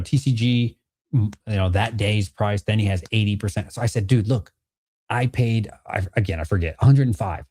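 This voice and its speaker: A man's voice: lowish voice, mellow, breathy edge. A man, a father and card vendor, casually telling his viewers a haggling story, swearing freely and acting out both sides of the deal. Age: adult with a child. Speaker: card vendor and channel host.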